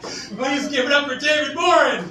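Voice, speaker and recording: A man's voice: extremely high pitch, normal speed. A man emceeing a comedy show, joking and laughing as he introduces the next comedian. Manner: joking and laughing between lines. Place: comedy club stage. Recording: noisy echoey club from a distance.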